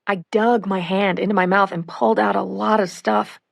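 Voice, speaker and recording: A woman reading first-person witness accounts for an audiobook in a measured way. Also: medium pitch, steady tone, vocal fry. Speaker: audiobook reader.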